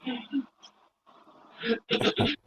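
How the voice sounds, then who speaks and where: A man's voice: drawn-out words, a bit bright. A man with a Nottingham accent chatting casually while reacting to videos, laughing constantly and swearing in slangy banter. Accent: Nottingham English.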